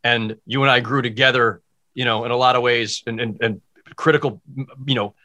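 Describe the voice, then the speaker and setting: A man's voice: medium pitch, steady tone, brisk, bright, forceful tone. A man who is a guest sportswriter on a podcast, speaking in casual chat in a reflective, heartfelt way.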